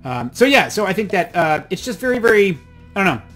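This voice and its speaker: A young man doing a let's play chats and rambles through casual gameplay commentary, joking at his own expense. His high-pitched voice is sing-song, fairly quick and a bit bright. Faint music plays behind him.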